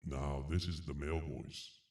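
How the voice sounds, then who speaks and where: A man putting on a deep male announcer voice with a booming, drawn-out delivery. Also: fairly even intonation, darkish tone, echoey room, distant mic. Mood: announcing.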